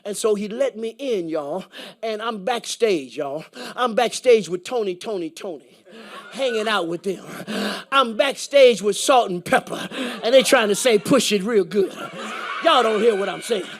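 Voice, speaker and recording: A man preaching a sermon in church, telling a story with laughter and acted-out dialogue before building to loud praise. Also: sits high, expressive, moderate pace.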